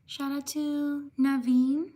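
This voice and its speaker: A woman livestreamer giving slow, careful shout-outs to viewers while writing their names by hand, often apologizing for pronunciation. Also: high-pitched, flat delivery.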